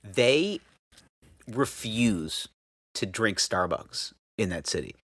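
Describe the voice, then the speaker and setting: A man co-hosting a podcast, trading quick quips in casual banter. His pitch moves around a lot, and the sound is dry and close to the mic. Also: animated, fairly bright tone, dry recording. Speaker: podcast co-host. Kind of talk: casual chat.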